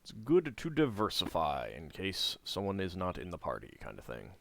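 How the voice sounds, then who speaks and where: A man hosting a playthrough of a role-playing game, reading its story text aloud between relaxed, chatty comments. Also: sits low, moderate pace, creaky. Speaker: gameplay host and narrator.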